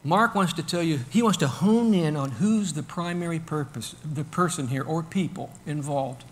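A man preaching a sermon in a conversational, animated way, asking rhetorical questions and loudly acting out the crowd. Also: fairly high pitch, normal speed. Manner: animated, acts out the crowd and shouts with sudden bursts. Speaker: pastor.

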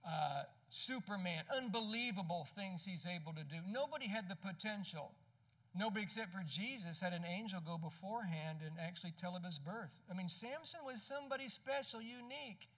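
High-voiced man preaching with emphasis. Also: animated, a little fast, a bit bright. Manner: emphatic, conversational preaching with rhetorical questions. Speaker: pastor. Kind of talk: sermon.

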